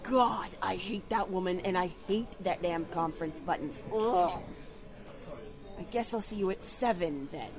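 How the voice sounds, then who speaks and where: A woman's voice: lowish voice, a little slow, crowd noise. A woman playing a sarcastic, dramatic young female friend who teases and bargains. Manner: sarcastic and theatrical.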